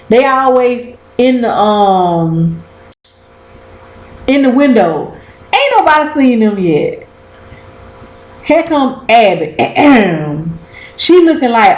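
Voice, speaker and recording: Animated slangy woman recapping a show. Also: fairly high pitch, a little slow, reverberant, low-quality recording. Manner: animated, slangy, cussing, acts out quotes. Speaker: vlogger recapping a TV episode. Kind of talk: casual chat.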